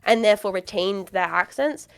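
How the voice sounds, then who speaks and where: A woman's voice: mid-range voice, normal speed, gravelly, clear, resonant tone, faint music behind. A young woman with a South Australian accent chatting casually on a live stream, laughing often and restarting her sentences.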